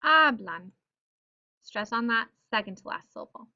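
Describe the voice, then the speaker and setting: A woman teaching Spanish pronunciation rules to her viewers, upbeat and sounding out example words slowly with emphasis. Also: a little high, animated, sharp tone. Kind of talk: explaining pronunciation rules to camera.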